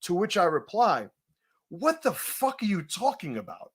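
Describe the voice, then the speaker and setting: A middle-aged man telling a story casually, his voice sitting a bit high for a man. His pitch swings widely as he acts out both sides of a heated argument. He swears freely and laughs between lines. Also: normal speed. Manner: animated, profane, laughing while telling a confrontation story. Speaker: host.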